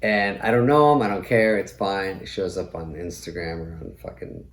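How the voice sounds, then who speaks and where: A middle-aged man hosts a comedy show with a sardonic, profane monologue. His voice sits on the low side. The sound carries a roomy echo. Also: animated, moderate pace. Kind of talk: comic monologue.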